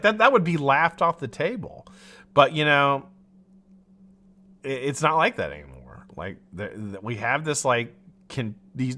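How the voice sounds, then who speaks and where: With a sharp-toned voice on the high side, a livestream host goes on a heated rant. He is frustrated and swears freely, rambling with restarted sentences and laughing at his own jokes.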